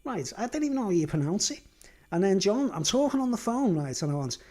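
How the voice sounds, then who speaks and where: A man with a Merseyside accent, broadcasting from home, spins a long tale on a casual livestream in a fast, high-pitched voice with big pitch swings and a darkish tone. He hammers his points and keeps asking the listener "right?" and "do you understand?"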